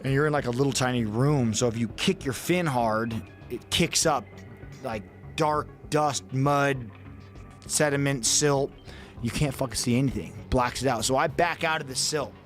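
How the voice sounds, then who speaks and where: A man's voice: mid-range voice, moderate pace, faint music behind. A man telling a story as a podcast guest, casually and vividly, acting out his own thoughts and swearing freely.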